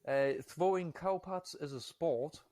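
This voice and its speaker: A man's voice: on the high side, a little slow, darkish tone, no echo. A man co-hosting a casual comedy podcast, riffing and joking about odd facts. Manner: joking, riffs on absurd facts. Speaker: podcast co-host. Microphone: podcast mic in a live online session.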